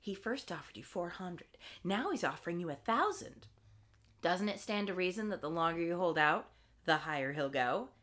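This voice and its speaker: A woman voicing a scheming older mother in a hushed, conspiratorial tone while recapping a scene. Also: lowish voice, expressive, normal speed, voice pushed down.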